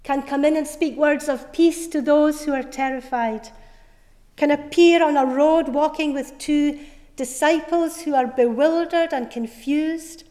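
Slow, earnest woman preaching in a reverberant church. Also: high voice, fairly even intonation. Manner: earnest storytelling, soft emphatic repetition. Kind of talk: Easter sermon.

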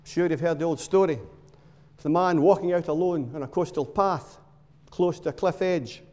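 A man's voice: a little high, darkish tone. Man preaching in a reverberant church. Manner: storytelling, dramatic pauses and short emphatic phrases. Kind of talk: sermon. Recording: long reverb of a large hall.

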